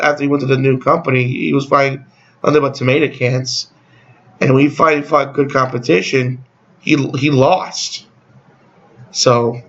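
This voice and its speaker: A man's voice: medium pitch, a bit bright. Blunt, rambling man on a dull, lo-fi mic. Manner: rambling, blunt and profane, with sarcastic asides. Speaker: YouTube channel host. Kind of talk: casual opinion vlog.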